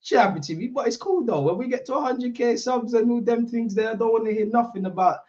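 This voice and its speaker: A man's voice: extremely high pitch, quick pace, muffled recording. Slangy young man hosting a football watchalong. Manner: animated, slangy, banter with chat. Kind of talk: casual chat to live viewers.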